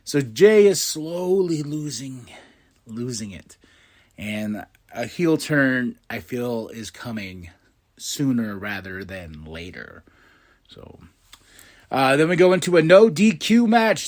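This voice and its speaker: A man hosting a podcast, recapping a wrestling show in a casual, excitable way and putting on quick voices for the people in it. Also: mid-range voice. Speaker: podcast host.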